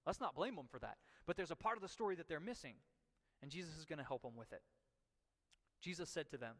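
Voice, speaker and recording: A male pastor preaching in a conversational, storytelling manner and acting out the voices of the people he quotes. His voice sits a little high, and the long reverb of a church sanctuary trails behind each phrase. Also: lively intonation, fast talker, a bit bright. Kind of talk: sermon.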